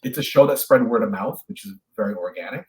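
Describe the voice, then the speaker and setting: A man in his thirties from Canada, chatting as a guest in a casual interview, telling lively stories and restarting his sentences often. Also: fairly low pitch, quick pace, poor audio. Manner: animated storyteller, acts out voices in anecdotes; stammering restarts when thinking aloud. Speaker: actor and guest.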